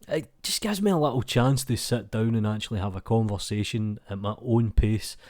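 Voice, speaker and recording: Laid-back Scottish man, low mellow voice. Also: normal speed, dry recording, clean studio sound. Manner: chatty, rambling, laid-back, peppered with "kinda" and "mate". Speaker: YouTube channel host. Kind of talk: casual chat reading viewer comments. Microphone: desk mic without pop filter.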